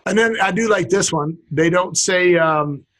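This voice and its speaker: A man's voice: high voice, measured pace, fairly bright tone. A man co-hosting a casual comedy podcast, reading out funny sayings with a chuckle. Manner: reads out funny sayings, chuckling, jumps into silly put-on voices. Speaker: podcast co-host.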